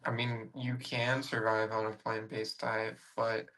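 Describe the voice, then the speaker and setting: A man's voice: lowish voice, level tone, a little slow, bright, forceful tone, rough recording. A tired man in casual voice chat, talking hesitantly with fillers and trailing off. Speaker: voice chat participant.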